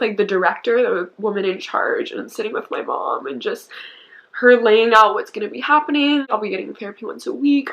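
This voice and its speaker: A woman's voice: fairly high pitch, a bit bright, poor audio. A young woman in her twenties, telling a painful personal story on camera in a candid, emotional way, her voice often dropping to a near-whisper. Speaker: YouTuber.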